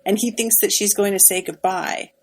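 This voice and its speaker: A woman's voice: mid-range voice, steady tone, moderate pace, poor audio. A woman co-hosting a podcast, casually recapping a TV episode in an emphatic, sympathetic way with lots of fillers. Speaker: podcast co-host.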